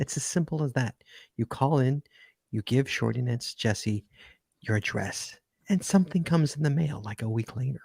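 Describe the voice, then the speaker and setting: A man's voice: mid-range voice, moderate pace, vocal fry, a little mellow, dry recording. A man hosting a live call-in podcast, upbeat and chatty, repeating himself as he hypes up callers. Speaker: podcast host.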